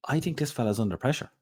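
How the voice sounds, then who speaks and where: A man's voice: medium pitch, a little mellow, husky. A man co-hosting a podcast, rambling chattily with plenty of asides and fillers. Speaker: podcast co-host. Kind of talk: casual chat.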